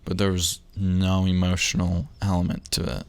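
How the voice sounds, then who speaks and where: A man's voice: sits low, completely flat delivery, moderate pace, a little mellow, smooth. A young man hosting a casual podcast, rambling and interrupting himself with jokes and lost trains of thought. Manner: rambling, self-interrupting, jokey. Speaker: podcast host.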